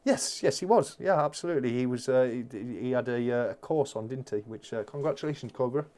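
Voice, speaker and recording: A man's voice: medium pitch, brisk, a little mellow. A man hosting a casual live-stream chat, reading out viewer comments and rambling with many restarts.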